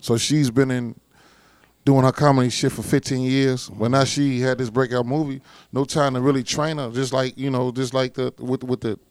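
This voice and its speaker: A man's voice: medium pitch, little pitch movement, normal speed, a little mellow, no room sound, clean studio sound. A man with a Chicago accent in a casual group chat, laid-back and rambling.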